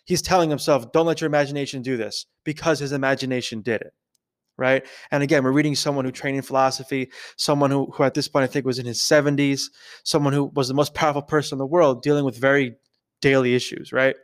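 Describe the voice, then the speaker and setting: A man hosting a podcast, thinking aloud in a casual, conversational way and often checking in with a quick "right?". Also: medium pitch, fairly even intonation. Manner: conversational, keeps asking "right?". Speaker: podcast host. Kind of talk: casual reflective podcast talk.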